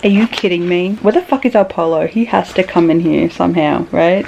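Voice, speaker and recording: Young woman, casual book vlogger, a touch of fry, flips from mumbles to squeals. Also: fairly low pitch, quick pace, hardly any pauses, muffled recording. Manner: chatty, swears freely, swings between murmuring and excited squeals. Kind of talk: casual reading vlog chat. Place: bedroom.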